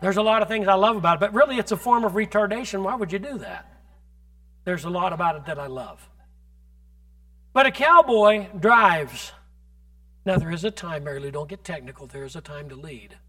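High, bright-voiced fervent preacher man. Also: fast talker. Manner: builds from conversational to fervent shouting; calls on the congregation directly. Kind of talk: sermon.

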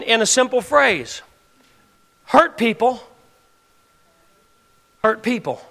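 A man's voice: very high-pitched, sharp tone. A man, preaching a sermon as pastor, building emphasis and asking the congregation direct questions.

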